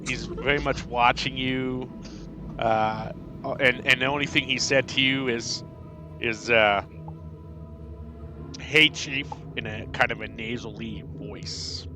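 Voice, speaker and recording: A man narrating a tabletop game as game master, halting and repeating himself with many fillers. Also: medium pitch, steady tone. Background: background music.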